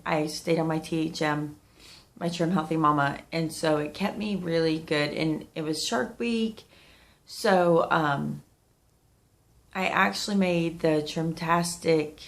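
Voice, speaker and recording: Her low voice has vocal fry as she, a woman in her thirties, sniffles through a rambling, candid vlog, feeling under the weather and talking casually to camera.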